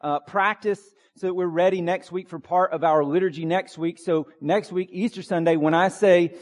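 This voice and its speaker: A man's voice: sits high, steady tone, normal speed, hardly any pauses, a little mellow. A man preaching a Sunday sermon as pastor, chatty and joking, building to emphatic peaks. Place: church sanctuary. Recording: church hall reverb.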